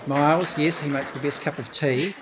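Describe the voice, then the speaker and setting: A man giving a thank-you speech at a gallery opening. He talks in a nervous, halting way, with restarts and soft laughs, his voice a little hoarse and thick with emotion. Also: fairly high pitch, steady tone, background noise. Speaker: exhibiting artist.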